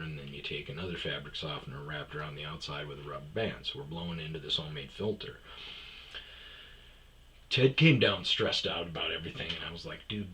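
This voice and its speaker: A man's voice: deep voice, fairly bright tone. A middle-aged man hosting a podcast, telling rambling, profane comic stories and acting out the lines of the people in them. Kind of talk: casual comedic storytelling.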